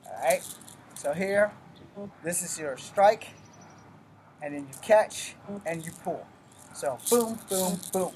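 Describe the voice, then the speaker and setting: Expressive and slow, he pauses often, his medium-pitched voice a little mellow over a faint hiss or hum. The martial arts instructor casually demonstrates weapons drills step by step, blunt and full of curses throughout.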